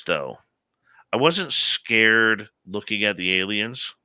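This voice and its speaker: A man in his late forties hosting a live radio show, telling a story in an animated, conversational way. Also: sits low, smooth, no room sound. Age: late 40s.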